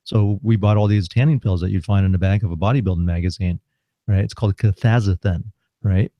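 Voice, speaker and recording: Deep-voiced and brisk, a middle-aged South Florida man chats casually as a podcast co-host, laughing as he shares animated anecdotes. The muffled, lo-fi recording carries no room sound.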